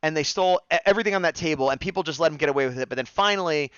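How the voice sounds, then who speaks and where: A man hosting a casual review chat, recapping scenes in an animated way and acting out the characters' lines. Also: on the high side, rapid-fire, smooth, dry recording, dull audio. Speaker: podcast host reviewing episodes.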